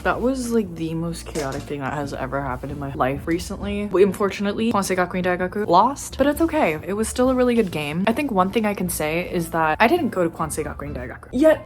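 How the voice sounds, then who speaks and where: A young woman telling a road trip story in a casual vlog, animated and profane, laughing often. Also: fairly low pitch. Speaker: vlogger.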